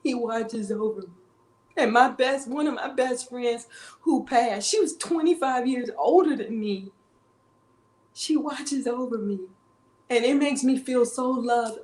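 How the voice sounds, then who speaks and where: A woman in her forties, an interview guest, tells a personal story in a halting way and often repeats her words. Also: high voice, darkish tone, roomy sound. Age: 40s. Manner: halting, repeats phrases, tearful at times.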